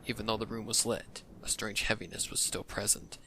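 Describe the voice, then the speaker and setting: Gravelly-voiced man narrating dark fan fiction. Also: little pitch movement. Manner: low, measured narration dropping into whispers. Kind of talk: dramatic fan fiction reading. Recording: noisy home recording.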